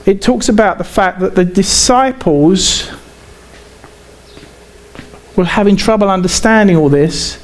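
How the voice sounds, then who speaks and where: A man with an English accent preaching a sermon in a conversational way, halting and often repeating himself. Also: sits high. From England.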